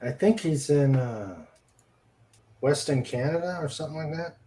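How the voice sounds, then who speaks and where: A man's voice: a little high, normal speed, dark tone. A man hosting a casual live stream, reading chat messages aloud and chuckling along with guests. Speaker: stream host.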